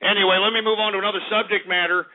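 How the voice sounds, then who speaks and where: A man's voice: high voice, level tone, rapid-fire, slight background noise. A man hosting a talk radio show, ranting and swearing with bursts of mock outrage. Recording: tinny phone-like audio.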